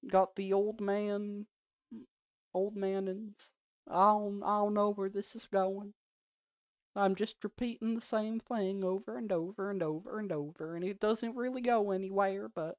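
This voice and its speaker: A man's voice: sits high, dry recording. A man streaming a game, chatting casually and rambling in a self-deprecating way. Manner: soft-spoken off stream. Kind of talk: casual livestream chat.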